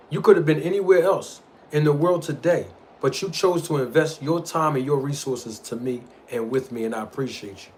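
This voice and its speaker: A silky R&B lover-man voice, put on by a man hosting a stream, sweet-talking the ladies in a hushed, unhurried way. It is soft and low, with a flirtatious drawl. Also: natural voice. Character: smooth-talking male R&B crooner serenading the ladies.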